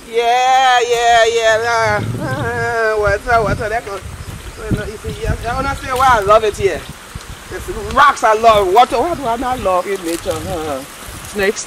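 A woman, vlogging as she walks her farm and talks excitedly to herself and her viewers. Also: high voice. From Liberia. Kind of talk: walking farm vlog. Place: outdoors on a farm by a stream. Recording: noisy outdoor audio with running water.

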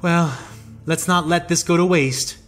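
A man's voice: a little high, fairly even intonation, measured pace, a bit bright, soft background music. A man voicing a young female alien warrior who is firm, commanding and dryly witty.

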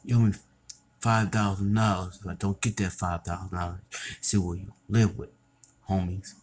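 A man's voice: low voice, flat delivery, moderate pace, a little mellow, slight background noise, natural voice. A man voicing a threatening male street dealer in an amateur comedy skit, with menacing, slangy talk.

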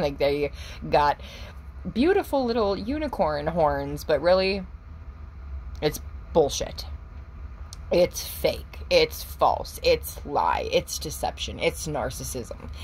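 A woman doing a casual tarot reading for viewers. She is excitable, laughs often, swears casually and calls the audience pet names. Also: low voice, a little hiss or hum, poor audio. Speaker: tarot reader.

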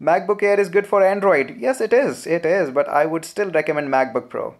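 A young man with an Indian English accent answering viewer questions in a relaxed, chatty live Q&A, full of "uh" fillers. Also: fairly high pitch, brisk. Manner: relaxed, chatty, frequent "uh" fillers, laughs often. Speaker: programming channel host. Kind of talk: live Q&A, reading viewer comments.

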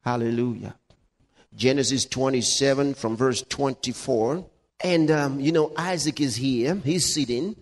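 A male pastor preaching a sermon, reading scripture aloud with laughs, dramatic pitch swings and slowed emphasis. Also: long reverb tail.

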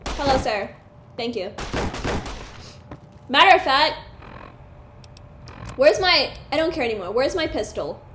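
High-voiced excitable woman gaming. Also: a little slow, long pauses. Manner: excitable, talks to the screen and enemies. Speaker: gaming streamer. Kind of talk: gameplay commentary. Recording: echoey room with faint hiss.

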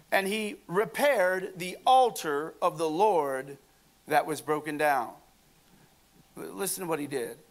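A man's voice: sits high, a bit bright. A man preaching a sermon, reading scripture aloud with jokes and asides to the congregation.

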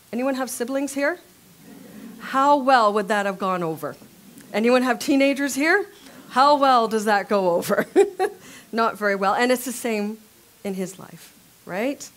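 A woman giving a Bible teaching at a women's workshop. She tells the story in a lively way and asks the audience questions. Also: mid-range voice.

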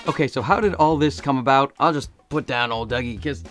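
Getting over laryngitis, this man talks with a hoarse, rough-edged voice at an ordinary pitch. He chats casually and jokes at his own expense while he walks through a camera rig for his viewers. Faint music plays underneath. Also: a little fast, a bit bright. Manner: joking, self-mocking, chatty. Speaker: camera gear vlogger. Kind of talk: casual camera review vlog.

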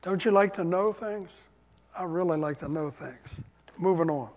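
A man's voice: sits high, normal speed, a little mellow. A pastor, an older man, preaching a sermon with emphatic delivery and call-and-response with his congregation. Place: church sanctuary. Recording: long church hall reverb.

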